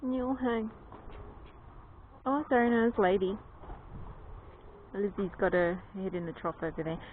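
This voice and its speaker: An Australian woman rambles unhurriedly about her ducks in a relaxed outdoor vlog. The sound is thin and tinny like a phone recording, with ducks and yard noise clearly behind her. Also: unhurried. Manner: chatty, coos to her ducks in a high baby voice. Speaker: duck keeper. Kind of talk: casual vlog narration to camera. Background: ducks quacking, outdoor noise.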